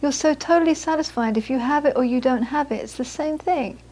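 High-voiced woman giving a dharma talk. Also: fairly quick. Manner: lively anecdotal storytelling that softens into quiet reflection. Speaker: Buddhist teacher. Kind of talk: dharma talk to a live audience.

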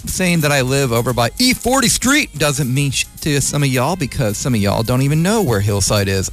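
Animated rambling radio host, faint music under. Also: male voice, mid-range voice, normal speed, hardly any pauses. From North Bay, California. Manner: rambling, joking, mocking voices of others. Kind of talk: casual on-air monologue.

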